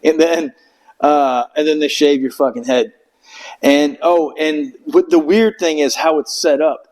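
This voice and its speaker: A man's voice: fairly high pitch, fairly even intonation, measured pace, darkish tone, rough recording. A middle-aged man telling a rambling, profane story in casual chat, acting out quotes in raised voices. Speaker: Marine veteran guest.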